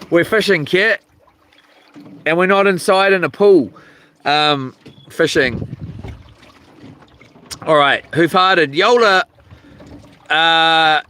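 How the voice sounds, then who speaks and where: A man's voice: sits high, pushed and bright, smooth. A man chatting casually on a live fishing stream outdoors by the sea, rambling and swearing lightly as he greets viewers by name. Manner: laid-back, rambling, reads viewer names aloud, swears casually. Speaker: fishing livestreamer.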